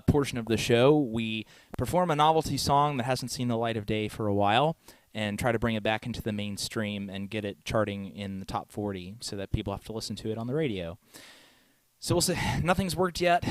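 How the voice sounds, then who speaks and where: A man's voice: mid-range voice, dry recording. A man hosting a live music stream, chatting casually with lots of fillers and frequent chuckles.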